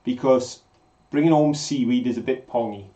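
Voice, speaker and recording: A man's voice: mid-range voice, moderate pace, mellow, reverberant. A British man co-hosting a live show, chatting with enthusiasm and drawing out his quiz questions. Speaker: co-host of a live mudlarking show. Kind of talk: casual live-stream chat.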